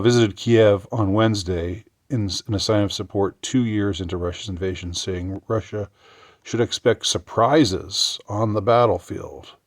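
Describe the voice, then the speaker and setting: Low-voiced sarcastic male commentator. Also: no echo, studio quality. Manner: sarcastic, halting, many restarts. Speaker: commentary vlogger. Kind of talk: political commentary vlog.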